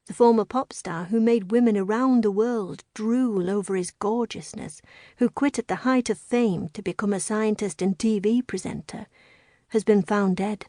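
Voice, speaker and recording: A woman narrating a novel in the first person, reading in a measured, reflective way. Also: medium pitch, warm tone, no echo, clean studio sound. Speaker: audiobook narrator.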